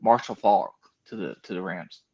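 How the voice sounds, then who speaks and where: A man with a fairly low voice talks sports on a casual panel, and his audio sounds dull and lo-fi. He repeats words and often lets his sentences trail off. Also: moderate pace, creaky, dark tone.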